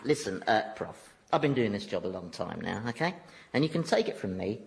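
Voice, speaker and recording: Sarcastic devil, lively swooping voice, hissy radio comedy recording. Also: male voice, fairly low pitch, brisk, creaky, big-room sound. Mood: sardonic. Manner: sarcastic, gleeful, mocking. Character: sardonic devil, ruler of hell, male. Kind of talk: 1990s radio comedy acting.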